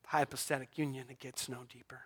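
A man preaching a sermon, swinging between hushed near-whispers and loud, emphatic declarations. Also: medium pitch, level tone, fast talker, breathy edge.

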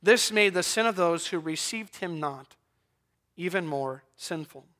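Bright high-voiced man preaching a sermon. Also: expressive, a little slow. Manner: dramatic swings from hushed to loud.

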